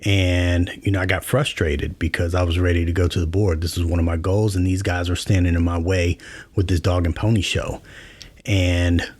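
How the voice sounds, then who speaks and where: A middle-aged man hosting a podcast, telling a personal story in a relaxed, conversational way with many fillers. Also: low voice, normal speed, dry recording. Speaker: podcast host. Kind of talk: casual storytelling monologue.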